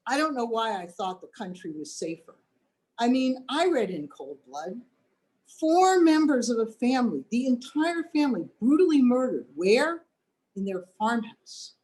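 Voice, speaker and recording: A woman's voice: high voice, darkish tone. Dry-witted older woman doing stand-up. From United States. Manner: dry, wry delivery with acted-out quotes. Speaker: stand-up comedian. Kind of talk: stand-up routine over video call. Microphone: video call.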